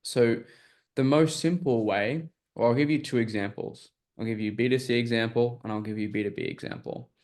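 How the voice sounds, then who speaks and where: A man's voice: medium pitch, fairly even intonation, moderate pace, a little mellow. A man coaching a group on a call, explaining sales questions in a casual, filler-heavy way and often checking that listeners follow.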